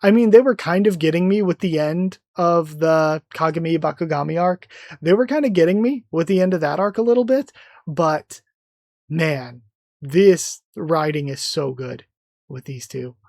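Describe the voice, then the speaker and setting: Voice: medium pitch, expressive, normal speed, a little mellow, no room sound, studio quality. A channel host giving an enthusiastic, rambling live reaction to a comic, often circling back on their own points.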